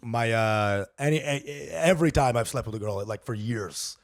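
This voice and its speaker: A man's voice: medium pitch, normal speed, no room sound. Rambling comedian man on a podcast mic. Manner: rambling, bursts of laughter, loud outbursts. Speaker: comedian co-host. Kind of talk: casual podcast banter.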